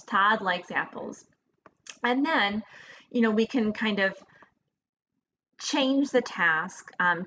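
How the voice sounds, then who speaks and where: A woman's voice: medium pitch, a bit bright. A woman giving a recorded lecture in a casual, hesitant way with fillers and restarts. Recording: dull lo-fi recording with faint noise.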